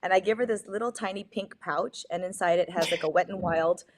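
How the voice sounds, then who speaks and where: Brief: middle-aged woman from Hawaii, animated storyteller on a video call, laughs easily. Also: lowish voice, brisk, a little hiss or hum. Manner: animated, acts out voices in her stories, laughs often. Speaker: guest. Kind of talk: casual storytelling.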